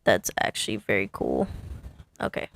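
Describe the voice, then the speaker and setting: A woman's voice: normal speed, a bit bright. A woman sign designer casually talking through her work, chatty and self-amused, thinking aloud as she designs. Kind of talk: casual design commentary while working.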